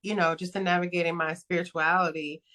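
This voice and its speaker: A young adult woman talks as a guest on a casual podcast. Her voice sits a little low, and she speaks earnestly and reflectively, pausing on fillers. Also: little pitch movement, pushed and bright. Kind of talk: casual interview chat.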